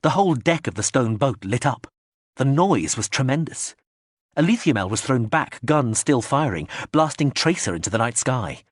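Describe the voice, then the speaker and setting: A man narrating an audiobook in a measured reading, raising his voice for the quoted lines. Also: medium pitch, sing-song, no room sound, clean studio sound. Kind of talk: scripted narration.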